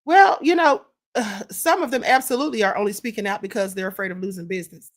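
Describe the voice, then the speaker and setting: A woman's voice: medium pitch, fast. A woman hosting a live stream, giving casual opinionated commentary on clips and reading viewer comments aloud.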